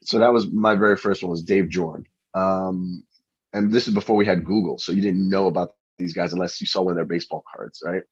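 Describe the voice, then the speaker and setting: A middle-aged man, a pitching coach, chatting in an interview and telling anecdotes with frequent restarts. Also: fairly even intonation, fairly quick, breathy edge, no echo. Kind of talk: interview storytelling. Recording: dull lo-fi recording.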